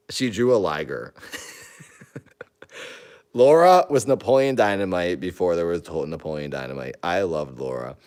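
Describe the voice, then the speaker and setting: A man's voice: deep voice, darkish tone, clear, resonant tone. A man in his thirties in casual chat, leafing through an old yearbook and reading entries aloud, amused and rambling, often trailing off into mumbles. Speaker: host.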